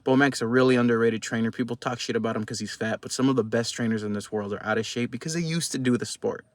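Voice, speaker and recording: A man's voice: medium pitch, quick pace, dry recording. Profane, heated young man vlogging boxing. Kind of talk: casual post-fight commentary.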